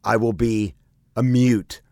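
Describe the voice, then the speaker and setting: A man's voice: medium pitch, fairly even intonation, slow, dark tone, dry recording, studio quality. A man co-hosting a podcast in casual chat, joking around, laughing often and acting out mock moans. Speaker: podcast co-host.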